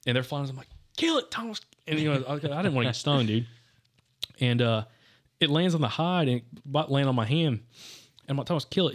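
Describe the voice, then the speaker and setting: A young man hosting a podcast, telling a hunting story in loose, rambling casual chat full of "dude" and "like.". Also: mid-range voice. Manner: rambling, says "dude" and "like" constantly.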